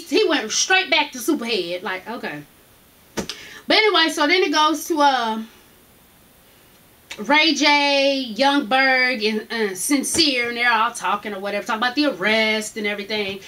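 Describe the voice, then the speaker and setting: A woman's voice: on the high side, bright, forceful tone. A young woman recapping reality TV in a brash, profane, gossipy way, laughing often. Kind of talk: casual gossip review.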